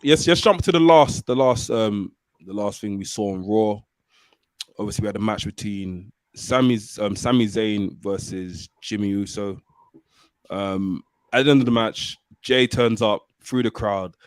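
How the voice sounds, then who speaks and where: A man's voice: fairly low pitch, unhurried, smooth, no echo. A man hosting a podcast, reading out listener comments in an easygoing way. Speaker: podcast host. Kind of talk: casual podcast chat.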